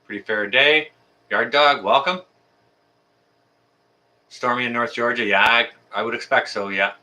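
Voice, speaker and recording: This Canadian livestream host talks a little slowly, his medium-pitched voice pushed and bright. Friendly and chatty, he greets viewers one at a time, peppering his speech with ums and uhs.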